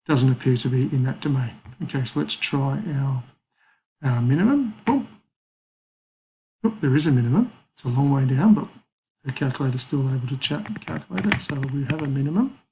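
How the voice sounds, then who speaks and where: A man's voice: mid-range voice, animated, fairly quick, a little mellow, low-quality recording. A man teaching a maths lesson, talking casually through calculator steps and thinking aloud. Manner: casual, thinks aloud with fillers and small apologies.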